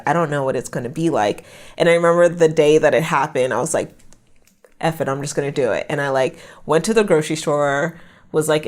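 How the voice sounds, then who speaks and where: A young American woman telling her own story frankly as a podcast guest, talking in a candid, animated way. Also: low voice. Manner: frank, animated retelling with laughter. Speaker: podcast guest, branding specialist.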